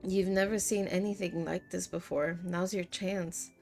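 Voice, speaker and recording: Woman streamer, lowish gravelly voice, reads game narration aloud over faint music. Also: fairly even intonation, moderate pace, few pauses, a little mellow. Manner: reads narration in second person, breaks into laughs. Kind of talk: reading game text aloud.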